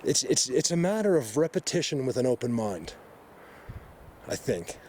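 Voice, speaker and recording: Swinging widely in pitch around a medium register, a man with a darkish tone talks at a moderate pace while hiking through the woods. Excited and emotional, he rambles to his camera with many restarts, and there's slight background noise.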